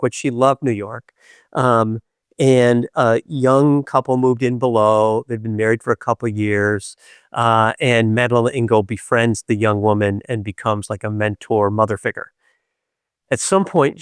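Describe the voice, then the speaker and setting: A man narrating a faith podcast in a lively, playful storyteller's manner. He pauses often to find his words, and his voice sits at an average pitch for a man. The sound is close and dry, with no room echo. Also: clean tone. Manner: animated, playful storyteller with frequent hesitations. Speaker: podcast host. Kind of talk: reflective spiritual storytelling.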